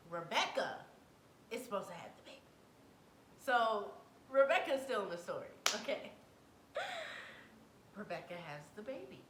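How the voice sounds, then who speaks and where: A young adult woman telling a personal story to camera in a dramatic, animated way, full of slang. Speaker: vlogger. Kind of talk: storytime vlog. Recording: echoey room, faint rumble.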